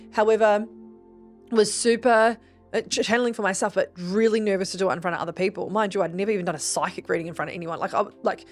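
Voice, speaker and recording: A woman hosting a podcast, telling a personal story in casual chat, animated and swearing often, acting out the quoted voices with big jumps in pitch. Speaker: podcast host. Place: Gold Coast region.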